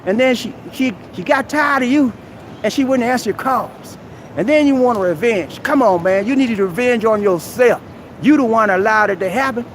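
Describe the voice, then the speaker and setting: A man with a strikingly high voice hosts a live stream from outside a busy mall. He lectures his viewers in a preachy, exhorting way and keeps calling them "man". Faint street and traffic noise sits behind him. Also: moderate pace. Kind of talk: motivational advice rant. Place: outdoors at a busy shopping mall.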